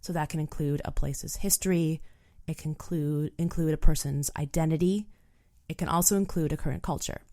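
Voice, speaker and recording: Lowish-voiced woman hosting a podcast. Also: brisk. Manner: animated, frank, peppered with "like". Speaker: podcast host.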